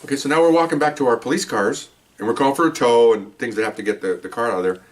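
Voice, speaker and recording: An older man, a retired police officer, tells a story in a casual, animated way, acting out voices and restarting his sentences. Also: mid-range voice, rapid-fire, distant mic. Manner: animated, acts out voices, laughs, many restarts.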